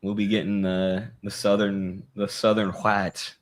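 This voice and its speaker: A man co-hosting a podcast, chatting casually and profanely about politics, rambling and quick to laugh. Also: on the low side, level tone. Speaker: podcast co-host.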